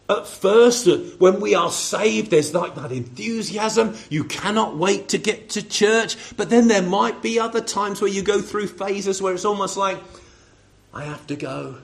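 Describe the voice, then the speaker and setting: High-voiced preacher. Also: male voice, unhurried, vocal fry. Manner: conversational, addressing congregation members by name; asks the listeners rhetorical questions. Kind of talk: sermon.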